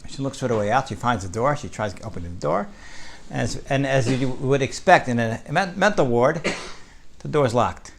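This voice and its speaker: A man teaches a Torah class in a relaxed, conversational way, often turning to his listeners with "right?". His voice sits at a middling pitch and has a gravelly rasp. There is a faint hiss behind him. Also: normal speed.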